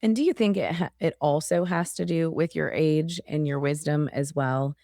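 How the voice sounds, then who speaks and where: A woman's voice: low voice, moderate pace, creaky, dark tone, dry recording. Woman podcast host asking questions, curious, dry close mic. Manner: curious, asks open questions. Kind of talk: casual interview conversation.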